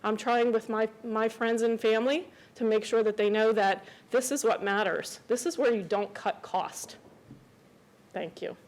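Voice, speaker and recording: A woman's voice: a little high, steady tone, measured pace, a little mellow, low-quality recording. Emotional woman pleading at public meeting. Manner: earnest, emotional plea. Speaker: resident speaking at public comment. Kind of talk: public comment at county meeting. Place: county meeting room.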